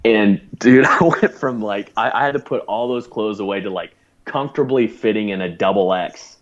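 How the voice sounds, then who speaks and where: A man's voice: on the low side, moderate pace, lo-fi sound. A man, a podcast guest, telling stories in casual chat, profane and laughing often.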